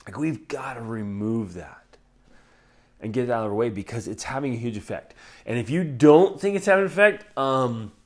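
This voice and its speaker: A man hosting a podcast, talking earnestly and directly to listeners, with lively swings from loud emphasis down to hushed, near-whispered words and many rhetorical questions. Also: mid-range voice, moderate pace. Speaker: podcast host. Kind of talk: heartfelt casual talk to listeners.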